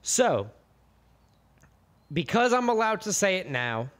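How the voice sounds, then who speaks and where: A man's voice: high-pitched, sing-song, takes it slowly, a bit bright. An American man co-hosting a podcast, chatting casually and rambling with restarts. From United States. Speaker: podcast co-host. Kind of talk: casual chat.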